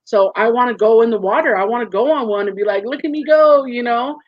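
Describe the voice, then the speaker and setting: A woman in her forties, a guest in a casual interview, telling stories with lively acted-out quotes over a video call. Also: on the high side, quick pace, dry recording. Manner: animated storyteller, acts out quoted voices. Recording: muffled dry call audio.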